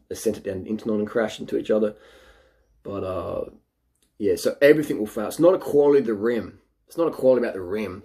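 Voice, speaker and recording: Blunt man, low voice. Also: darkish tone. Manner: blunt, boastful, mimics people in a mocking voice. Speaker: cycling vlogger. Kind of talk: casual advice monologue.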